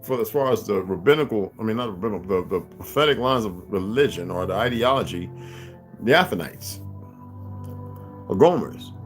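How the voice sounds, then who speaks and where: A man's voice: fairly low pitch, expressive, moderate pace. A man hosting a casual livestream, rambling and profane, who laughs often as he talks. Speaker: livestream host. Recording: music playing clearly behind.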